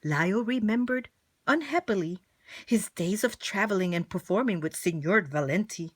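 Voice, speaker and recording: Animated woman reading a children's storybook. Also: mid-range voice, moderate pace. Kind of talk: children's storybook read-aloud.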